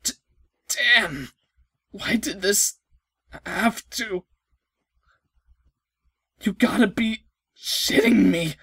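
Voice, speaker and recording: Excitable woman narrating a game, drawn-out delivery. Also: medium pitch, slightly rough, no echo, studio quality. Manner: excitable, yelps and gasps, swears, frequent stammering. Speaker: let's play host. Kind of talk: let's play commentary with read-out game dialogue.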